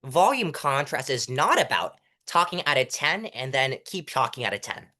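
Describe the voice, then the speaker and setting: This is a young man giving advice on courtroom presence in a relaxed interview. His pitch rises and falls a lot. He keeps stopping to act out short lines and shows how loud and soft delivery sounds. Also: moderate pace. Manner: animated, demonstrates delivery by reciting lines at different volumes. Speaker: interview guest, mock trial competitor. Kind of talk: casual coaching interview.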